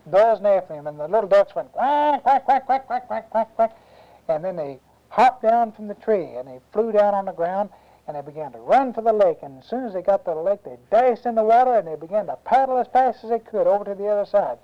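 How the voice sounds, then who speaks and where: An adult telling a children's story aloud, animated, with sound effects and questions to the listening kids. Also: medium pitch, fast talker. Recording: dull lo-fi home recording.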